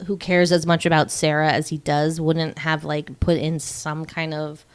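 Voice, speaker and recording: A woman's voice: low voice, little pitch movement, normal speed, clean tone. A woman co-hosting a podcast, casually recapping a film with swearing and acted-out quotes. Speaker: podcast co-host. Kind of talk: casual chat.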